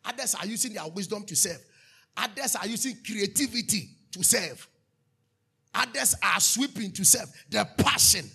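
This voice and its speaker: Gravelly high-pitched preacher. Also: male voice, expressive, moderate pace. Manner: preaching with sudden shouts and hushed asides. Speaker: pastor. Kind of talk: sermon.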